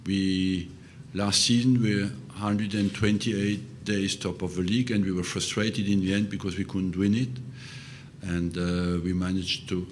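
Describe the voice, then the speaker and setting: An older man, a football manager, answering press questions slowly and hesitantly, with many fillers. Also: deep voice, flat delivery, a little hiss or hum.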